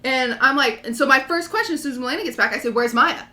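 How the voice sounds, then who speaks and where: Woman streamer, casual animated storyteller, bright tone, echoey room. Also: high-pitched, very fast, slight background noise. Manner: animated, acts out quotes.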